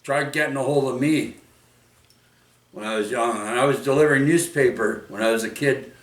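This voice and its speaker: A man's voice: medium pitch, normal speed, distant mic. A middle-aged man from Vancouver, telling true stories in a rambling vlog from home, full of restarts, "oi" and "right?". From Vancouver, Canada. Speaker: vlogger. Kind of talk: rambling casual storytelling. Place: indoors at home. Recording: roomy echo, speaker away from mic.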